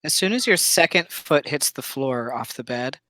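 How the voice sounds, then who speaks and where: A game master narrating a tabletop game and laying out each creepy detail slowly, with pauses between the beats. The voice sits at an ordinary pitch and is recorded dry and close, with no room around it. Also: animated, pushed and bright, no room sound, poor audio. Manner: slow, suspenseful scene-setting with pauses.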